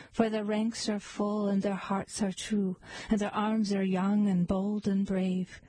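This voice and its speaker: A woman reading poems aloud in a slow, measured, lilting recitation. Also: mid-range voice, warm tone, no room sound, poor audio. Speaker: poetry reader.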